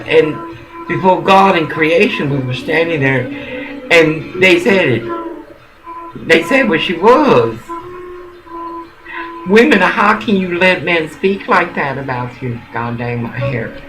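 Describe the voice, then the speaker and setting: Slow, scolding man ranting over music. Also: fairly high pitch, low-quality recording. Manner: rambling, profane, scolding. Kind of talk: angry ranting monologue. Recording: music playing loudly behind. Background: clear music.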